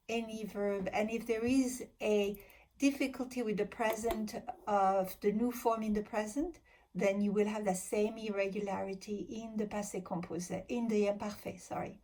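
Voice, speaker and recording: Slow, mellow-voiced teacher woman. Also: mid-range voice. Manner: patient, spells out endings letter by letter. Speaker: French teacher. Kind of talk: recorded grammar lesson.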